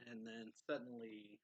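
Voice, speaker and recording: A man's voice: medium pitch, bright, forceful tone, no room sound, low-quality recording. A man casually recapping a manga chapter, rambling with lots of fillers and reading out the characters' lines. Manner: rambling retelling with many fillers, reading out dialogue. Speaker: manga reviewer.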